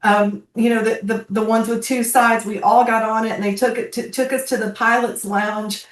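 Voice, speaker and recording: A woman's voice: little pitch movement, a little hiss or hum. Older woman telling a heartfelt story, roomy and distant. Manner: heartfelt, halting, voice climbing high when moved. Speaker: guest speaker, bereaved military mother. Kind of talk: personal storytelling on a webinar.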